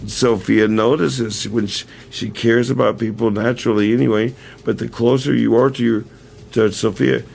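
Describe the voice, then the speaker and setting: A mid-range, creaky, slightly mellow voice belongs to a man hosting a casual livestream at a moderate pace and steady tone. He wanders through a story, correcting himself and chuckling often, then speaks directly and earnestly to viewers. His camera mic adds a little hiss or hum.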